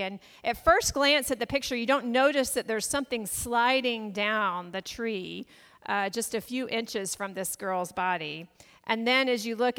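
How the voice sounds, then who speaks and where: Woman pastor preaching, kinda high smooth voice, chatty storytelling, long echo in the church. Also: fairly bright tone. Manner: conversational storytelling, asks the congregation questions. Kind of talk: sermon.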